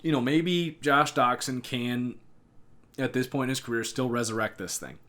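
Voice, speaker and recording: A man's voice: medium pitch, moderate pace, fairly bright tone. A man hosting a football podcast, giving casual, opinionated analysis with frequent fillers and restarts. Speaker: podcast host.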